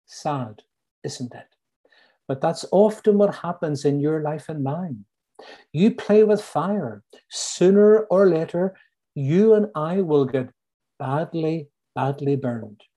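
A middle-aged Northern Irish man with a local accent preaches a sermon, slowly repeating key lines for emphasis. His voice is slightly high and mellow.

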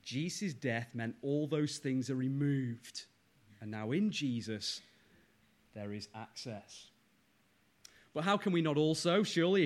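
A male pastor preaching a sermon, speaking in slow, emphatic phrases and often asking the congregation rhetorical questions. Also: fairly high pitch.

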